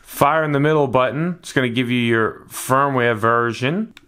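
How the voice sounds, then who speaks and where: A man's voice: medium pitch, normal speed, a bit bright, clear, resonant tone. A man narrating a casual hands-on product review in a laid-back, matter-of-fact way.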